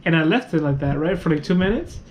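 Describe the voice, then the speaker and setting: A man's voice: on the high side, animated, quick pace, darkish tone, a little hiss or hum, poor audio. A man co-hosting a casual podcast, telling a story in a loose, profane way, full of fillers and restarts. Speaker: podcast co-host. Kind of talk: casual chat.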